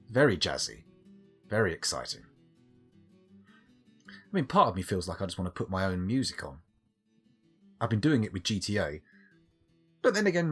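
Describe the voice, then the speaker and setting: With a low-sitting, breathy voice, this UK man offers casual commentary while streaming a game. He rambles on, cracks jokes and talks to himself.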